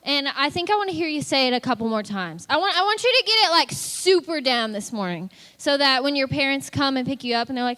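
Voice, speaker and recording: Bright, high woman in an echoey hall. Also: expressive, fast, few pauses. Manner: eager, encouraging. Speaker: children's ministry leader. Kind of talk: leading a kids' church lesson.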